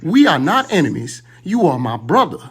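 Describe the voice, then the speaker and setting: A man's voice: a little high, sing-song, normal speed, husky. A man doing an impression of a public figure, reading a letter in a solemn, preachy voice with a put-on accent.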